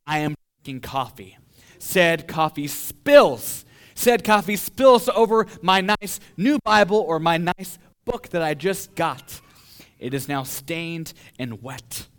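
Animated male preacher, fairly high voice. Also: takes it slowly. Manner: animated preaching with acted-out quotes, swinging loud and soft. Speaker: pastor. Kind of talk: sermon.

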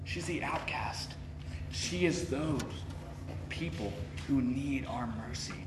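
A man's voice: medium pitch, lively intonation, takes it slowly, recorded from a distance, noisy background. A man preaching a sermon in a conversational way, pressing his points with rising, emphatic questions and acting out the people he quotes. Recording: roomy echo, voice from off-mic.

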